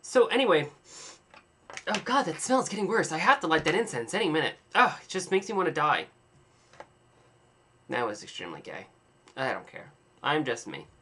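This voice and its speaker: A man's voice: on the high side, sing-song, moderate pace, long pauses, bright, forceful tone, slight background noise. A young man rambling in a casual video diary, telling an exaggerated, dramatic story with playful self-mockery. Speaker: vlogger.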